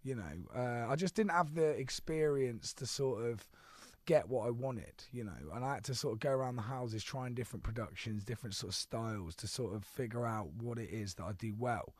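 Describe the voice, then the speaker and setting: A man, a guest in a casual radio interview, relaxed, self-deprecating and quick to laugh. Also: mid-range voice, no echo. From England. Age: 30s. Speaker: guest singer. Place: radio studio. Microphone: studio microphone.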